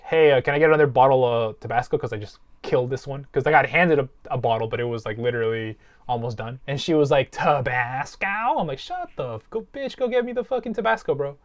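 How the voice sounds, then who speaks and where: A man's voice: mid-range voice, fast talker. A man hosting a podcast, telling a long story in casual, profane chat. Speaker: podcast host.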